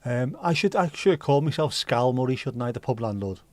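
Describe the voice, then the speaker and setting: A man's voice: medium pitch, lively intonation, fairly quick, no room sound. A man hosting a livestream, chatting casually and reading out viewer comments in a rambling way, with the odd swear. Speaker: livestream host.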